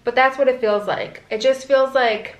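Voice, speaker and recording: A young pregnant woman talks candidly to camera, her speech full of "like" and quick asides. Her voice sits a little high, and the room around her has a noticeable echo. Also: steady tone. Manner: chatty, lots of "like", candid and rambling. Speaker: vlogger. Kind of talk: casual pregnancy vlog. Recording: echoey room.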